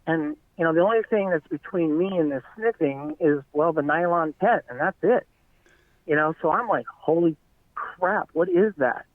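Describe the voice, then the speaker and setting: A middle-aged man tells a long eyewitness story in an earnest, rambling way, his voice sitting a bit high. The sound is tinny and phone-like, with no room in it at all. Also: normal speed, dry recording. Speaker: eyewitness guest. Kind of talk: casual storytelling.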